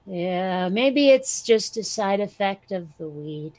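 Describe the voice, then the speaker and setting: A woman's voice: medium pitch, animated, takes it slowly, a little mellow. A woman co-hosting a podcast, chatting casually with a drawling Valley Girl voice, rambling, joking crudely and using many fillers. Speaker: podcast co-host. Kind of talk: casual chat.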